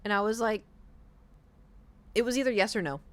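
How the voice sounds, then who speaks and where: A woman in her thirties talks casually to her live-stream viewers, a middle-pitched voice in a dry, close sound. She rambles through an animated story, restarting sentences and swearing now and then. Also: moderate pace, no room sound. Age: 30s.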